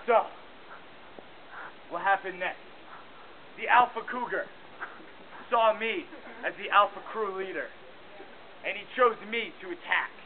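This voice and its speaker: A man telling a mock-heroic tall tale for a contest, in a deadpan, boastful way. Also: high-pitched, unhurried, long pauses. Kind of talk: mock-heroic storytelling performance. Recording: tinny lo-fi camcorder audio with hiss.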